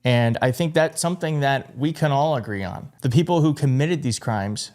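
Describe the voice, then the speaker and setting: A man's voice: medium pitch, normal speed, darkish tone. A man hosting a political commentary show, talking in a conversational, indignant way. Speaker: show host.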